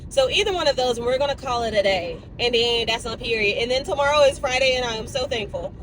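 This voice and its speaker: A woman's voice: fairly high pitch, quick pace, noisy background. Chatty young woman vlogging to her phone. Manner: chatty, animated, speaks to viewers as y'all. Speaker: fitness vlogger. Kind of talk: casual chat to camera. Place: car, then gym locker room.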